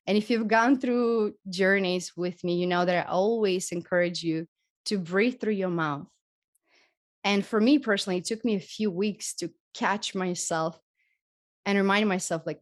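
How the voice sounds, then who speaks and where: A woman from Europe leading a live group healing session, speaking gently and encouragingly as she demonstrates breathing and voice techniques. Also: medium pitch, unhurried. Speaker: spiritual healing teacher. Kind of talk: live group workshop teaching.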